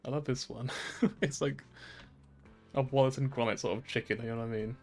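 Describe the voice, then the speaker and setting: A man's voice: medium pitch, fairly even intonation, brisk, darkish tone, soft background music. A male game streamer chatting casually, laughing often and swearing freely. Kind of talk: casual gameplay commentary.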